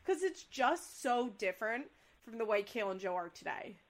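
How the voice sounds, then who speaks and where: A woman's voice: fairly high pitch, moderate pace. A young woman co-hosting a casual podcast chat, recapping a reality show and acting out quotes with big voices. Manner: animated, acts out quotes with big voices and laughs. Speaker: podcast co-host.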